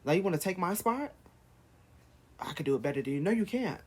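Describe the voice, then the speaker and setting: A man's voice: sits high, animated, a little fast, slightly rough. A man vlogging, firing off heated rhetorical questions in a rant to camera. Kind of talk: ranting to camera.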